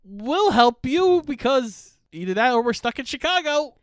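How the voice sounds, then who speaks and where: A man's voice: very high-pitched, big pitch swings, dry recording, studio quality. A man co-hosting a podcast, chiming in with plot details while recapping a film. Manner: chimes in with quick plot details and asides. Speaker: podcast co-host. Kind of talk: casual chat recapping a film.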